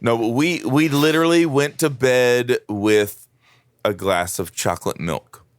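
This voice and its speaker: Podcast guy talking real slow with lots of ums, deep-ish voice, dead dry mic. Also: no room sound. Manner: slow, hesitant, with many fillers. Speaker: podcast co-host. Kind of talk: casual comedy podcast chat.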